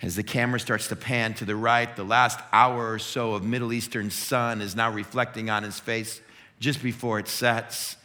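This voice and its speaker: A man preaching, painting a scene in dramatic, unhurried detail. His voice is low-pitched yet bright and forceful. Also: flat delivery, long reverb tail. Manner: vivid, dramatic narration. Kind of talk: sermon storytelling.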